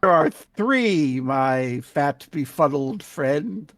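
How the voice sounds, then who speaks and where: A man's voice: fairly high pitch, lively intonation, extremely slow, no echo. A man playing a sly, riddling adventurer in a tabletop game, teasing in a wry tone.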